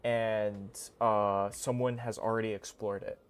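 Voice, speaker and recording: A young man streaming a game, talking casually in a goofy, excitable, rambling way full of slang. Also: fairly low pitch, unhurried, smooth. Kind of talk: casual live-stream commentary.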